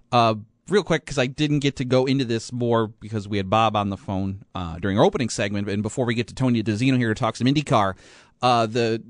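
A man's voice: mid-range voice, no room sound, clean studio sound. A man hosting a sports radio show, chatting casually with many fillers and restarts.

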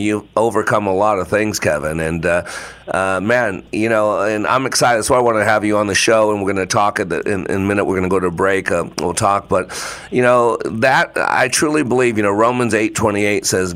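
A man's voice: lowish voice, a bit bright. A man hosting a faith-based talk radio show, speaking in a rambling, emphatic, preacher-like way.

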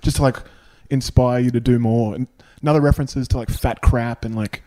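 Australian man, mid pitch, wry amused casual chat, chuckles. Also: steady tone, a little fast, warm tone. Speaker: podcast guest.

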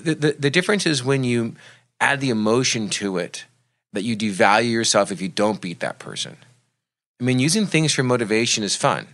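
A man's voice: medium pitch, lively intonation, brisk, a bit bright. A man who works as a motivational speaker and coach, explaining his ideas in an earnest, reflective way during a casual podcast chat.

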